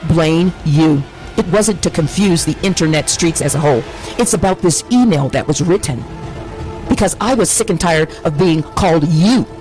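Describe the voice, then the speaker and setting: A woman's voice: lowish voice, darkish tone, poor audio. A woman reading her own chat messages aloud, in a rambling way that keeps correcting itself. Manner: meandering, self-correcting.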